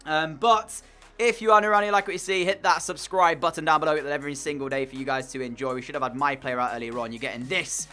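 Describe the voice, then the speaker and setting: A man's voice: on the high side, steady tone, fast, bright, forceful tone, soft background music. A young man commentating on his own video game match in an exasperated, sarcastic way. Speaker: gaming commentator.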